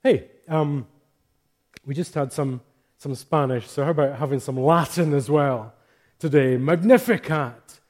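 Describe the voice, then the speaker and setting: A man's voice: medium pitch, steady tone, unhurried, pauses often, a little mellow. A man preaching a sermon in a chatty, joking way, reading scripture aloud with strong emphasis. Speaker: pastor.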